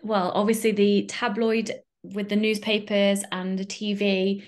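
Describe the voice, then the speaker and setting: A woman's voice: mid-range voice, flat delivery, measured pace, a little mellow. A woman hosting a podcast and coaching, chatting casually with her guest and laughing often. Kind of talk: casual interview chat.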